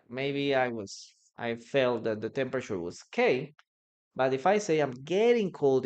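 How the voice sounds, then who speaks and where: A man's voice: mid-range voice, darkish tone. A man whose first language is Spanish, teaching a live online English class and patiently explaining grammar through example sentences on a computer mic.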